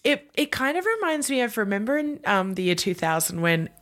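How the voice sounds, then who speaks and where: A woman's voice: medium pitch, big pitch swings, a little fast, fairly bright tone. A woman co-hosting a podcast, talking casually and enthusiastically about pop culture with lots of likes and ums. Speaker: podcast co-host. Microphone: remote call-in mic.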